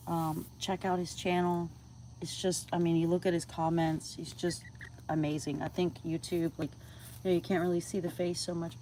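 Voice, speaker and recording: Casting note: low-voiced woman, chatty livestreamer talking to her chickens outdoors at night, faint crickets behind. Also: mellow, a little hiss or hum. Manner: chatty, coos at her birds, drops to a whisper at times. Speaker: vlogger feeding backyard chickens on a livestream. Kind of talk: casual livestream chat. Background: crickets and insects at night.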